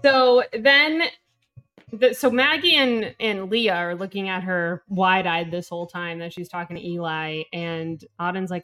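A woman talking casually with a co-host about a novel, recapping scenes. She acts out the characters' lines with quick, animated voices as she tells the story. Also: on the low side, faint music behind. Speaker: podcast co-host. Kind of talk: casual book-club chat, retelling chapters.

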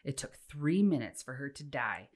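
A woman's voice: very deep voice, moderate pace. An American woman co-hosting a podcast, telling a true-crime story in casual, laughing chat. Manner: laughs often, lively storyteller. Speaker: podcast co-host.

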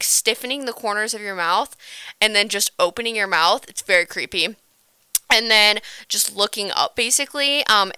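Bright, chatty young woman vlogger. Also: mid-range voice, clean tone, no room sound. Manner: chatty, rambling, full of "like" and laughs. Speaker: vlog host. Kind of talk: casual chat to camera.

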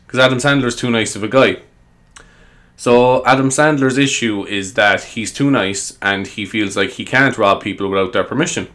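A man pitching silly movie ideas in a rambling, comedic monologue, laughing often and piling up fillers. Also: a bit bright. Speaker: comedy vlogger.

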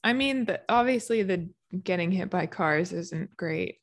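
Slow-talking woman, giggly wry co-host. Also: on the low side, expressive. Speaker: podcast co-host. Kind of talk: casual chat.

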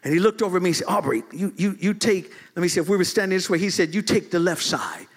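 A man preaching a lively storytelling sermon to a congregation in a church, swinging from low asides to loud high shouts and laughing often. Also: fast. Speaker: bishop, preacher. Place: church service before a congregation.

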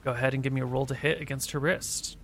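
A man narrating as game master in a tabletop role-play, relaxed and filling pauses with "um". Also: medium pitch, a little hiss or hum. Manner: relaxed narration with frequent fillers.

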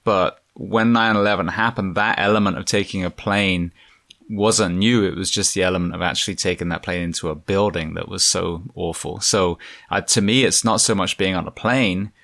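A podcast host with an English accent, from England, talking in a reflective, halting way with many fillers. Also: male voice, low-pitched, fairly even intonation, gravelly, fairly bright tone, no echo. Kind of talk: casual interview conversation.

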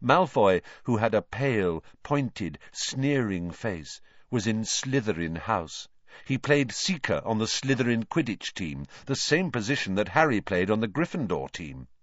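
A man reading a story aloud as an audiobook narrator, in measured, expressive storytelling. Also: sits low, no room sound. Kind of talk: scripted narration. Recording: dry, slightly muffled recording.

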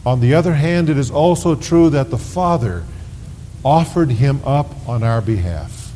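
A man preaching a sermon as pastor, slow and deliberate, leaning hard on key words. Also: lively intonation, warm tone. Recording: 1990s sermon tape with long reverb and faint rumble.

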